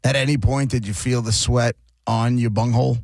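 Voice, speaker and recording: A man's voice: medium pitch, steady tone, normal speed, a little mellow, no room sound, clean studio sound. A man hosting a casual chat, teasing his guest with crude jokes.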